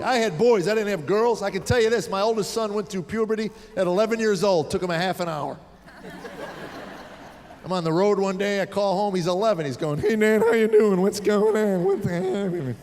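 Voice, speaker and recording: Sardonic middle-aged comedian, high voice. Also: male voice. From United States. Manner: sardonic, exasperated storytelling. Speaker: stand-up comedian. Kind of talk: stand-up comedy set. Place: theater stage before a live audience. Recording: live stage recording with hall reverb.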